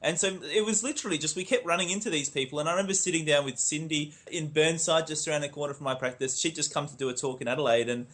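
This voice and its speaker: Australian male co-host, middle-aged, a touch high-pitched, loose and rambling, casual podcast chat. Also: quick pace, few pauses, a bit bright. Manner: rambling, with frequent restarts. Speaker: podcast network founder and co-host.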